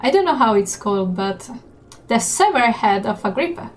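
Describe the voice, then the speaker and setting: A woman streamer giving gaming stream commentary, chatty and unhurried with many fillers. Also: fairly high pitch, big pitch swings, soft background music. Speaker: game streamer.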